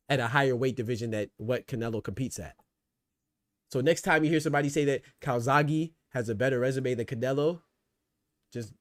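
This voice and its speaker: A man hosting a casual boxing livestream, answering chat as he goes. His pitch sits at an ordinary middle level. He argues hard and restates his point again and again, in a dry, close recording. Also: no echo. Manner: argumentative, repeats phrases to drive a point. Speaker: boxing talk show host.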